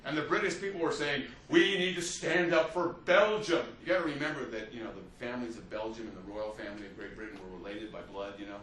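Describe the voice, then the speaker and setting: A man's voice: lowish voice, very fast, few pauses, a bit bright, slight background noise. Man lecturing in an echoey classroom. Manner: conversational, acts out quotes, frequent "you see" and "right?". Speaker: history teacher. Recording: roomy, distant, faint ambience.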